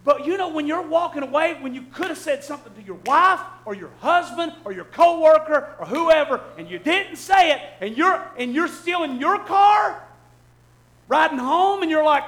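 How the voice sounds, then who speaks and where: Pastor, sermon. High, bright voice; bursts into shouts, then soft asides, stumbles and repeats. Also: male voice, animated, moderate pace. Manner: shifts between loud shouting and soft low asides, repeats and restarts. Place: church hall with congregation.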